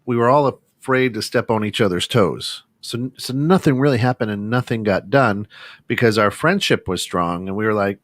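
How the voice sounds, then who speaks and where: A radio station owner co-hosts a casual talk show from a small studio, telling a long, loose, rambling story with many restarts. His voice is on the low side at a normal speed, and the recording is dry.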